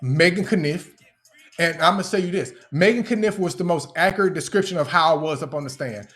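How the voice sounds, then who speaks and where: A young man livestreaming fires back at his critics in an angry, profane, confrontational rant. His voice is fairly high and fairly bright, and he talks a little fast.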